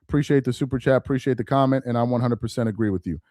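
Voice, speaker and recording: A man hosting a live-stream commentary, reading aloud slowly with heavy emphasis and mocking what he reads. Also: medium pitch, mellow, dry recording, studio quality. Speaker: political commentary host.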